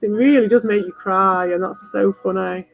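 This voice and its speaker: Medium-pitched and steady, this woman speaks at a moderate pace with vocal fry. She's a livestream host rambling bluntly at her viewers, full of swearing and confrontation, and the audio is dull lo-fi with faint music behind her.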